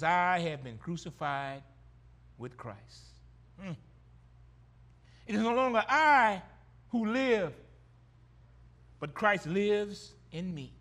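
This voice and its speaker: High, bright-voiced man preaching a sermon. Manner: dramatic swings between loud exclamations and hushed low phrases; drawn-out emphatic repetitions. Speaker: pastor.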